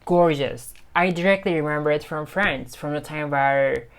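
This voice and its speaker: A man's voice: a little high, moderate pace. A man teaching English casually to a phone camera, chatty, repeating phrases and checking in with "okay?". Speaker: English-learning YouTuber.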